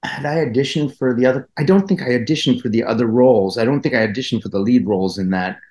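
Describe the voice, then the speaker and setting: A man in his fifties from New Jersey, a guest actor telling stories in a casual podcast interview, rambling and halting as he goes. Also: medium pitch, a little mellow. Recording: roomy echo.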